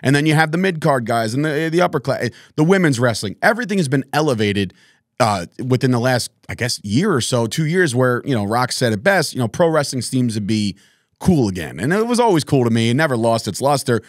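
A man's voice: mid-range voice, sing-song, fairly quick, no echo. Podcast host guy rambling along, laughs a lot, dry no-room sound. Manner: rambling, chummy, laughs often, says "man" and "dude". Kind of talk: casual interview chat.

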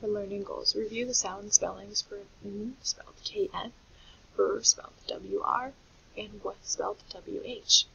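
A woman teaching a recorded phonics lesson to young children, explaining patiently and clearly. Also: mid-range voice, fairly bright tone. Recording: dull lo-fi audio with faint hiss.

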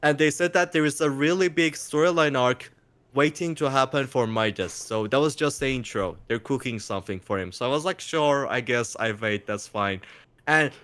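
A man talking as a guest in a casual interview, excitable and jokey, slipping into playful mock voices. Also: mid-range voice, brisk. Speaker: interview guest, content creator.

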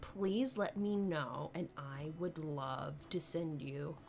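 A woman's voice: sits low, takes it slowly, creaky, darkish tone, slight background noise. A young woman streaming a game, rambling, giggling often and answering her chat. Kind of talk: casual live-stream chat while gaming.

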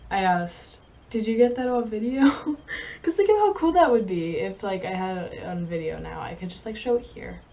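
A young woman vlogging, telling a story in a rambling, halting way with many fillers and soft laughs. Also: fairly low pitch, lively intonation, gravelly. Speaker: vlogger and horse rider. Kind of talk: casual storytelling to camera.

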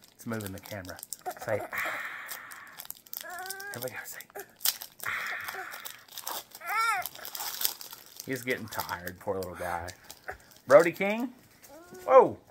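A man's voice: fairly high pitch, noisy background. A man casually opening wrestling card packs at home, reading names aloud and chatting to his baby as he goes. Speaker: wrestling card collector vlogger. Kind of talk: casual pack-opening chat.

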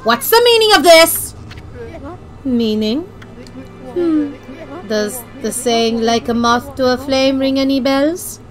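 A woman voicing a smug male prophet, putting on a mock French accent and a lowered, drawling delivery. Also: expressive, slow pace, long pauses, faint music behind. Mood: teasing.

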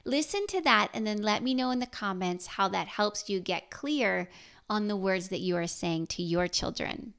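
A middle-aged woman hosting a parenting podcast, speaking in a gentle, encouraging way and asking her listeners questions. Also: medium pitch, lively intonation, moderate pace, creaky, clear, resonant tone. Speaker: podcast host.

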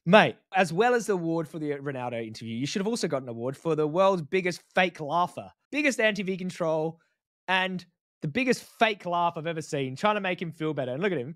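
A man talks through a debate clip in casual reaction commentary, blunt, mocking and animated. His voice sits a little high. The recording is dry and close, with no room sound. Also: a little fast, dry recording. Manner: blunt, mocking, animated, says "mate" often. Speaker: vegan activist commentator.

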